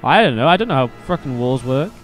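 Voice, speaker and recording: A man's voice: mid-range voice, expressive, quick pace, faint music behind. A man streaming and casting a strategy game, chatting casually at a desk microphone. He rambles and swears freely, with lots of filler words. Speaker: StarCraft caster and streamer. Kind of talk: casual stream chat over game commentary.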